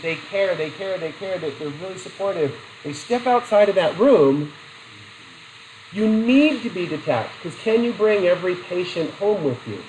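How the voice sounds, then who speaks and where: A man's voice: high-pitched, slight background noise, rough recording. A middle-aged man teaching a psychology class in a chatty way, asking the students questions and telling personal stories. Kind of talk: classroom lecture.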